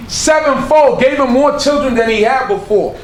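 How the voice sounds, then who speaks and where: A man's voice: very high voice, normal speed, heavy background noise. A man, teaching scripture informally and urging his listeners on with call-and-response. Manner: emphatic, call-and-response, conversational. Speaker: teacher leading scripture study.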